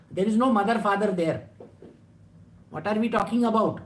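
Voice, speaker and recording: Brief: blunt spiritual teacher, scolding with rhetorical questions, mid pitch, echoey room. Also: moderate pace, long pauses. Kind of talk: scripture talk.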